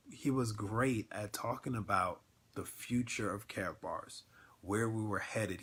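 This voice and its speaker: Guy w a lowish voice chatting on a livestream, emotional and earnest, lots of ums. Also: fairly bright tone, husky. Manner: emotional, earnest, many filler words. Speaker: network marketing livestream host. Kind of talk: casual livestream chat.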